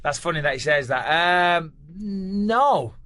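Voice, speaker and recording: English male podcast host, slightly high voice, teasing, jokey. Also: lively intonation, pushed and bright. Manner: joking, teasing, quick asides. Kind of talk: casual podcast banter.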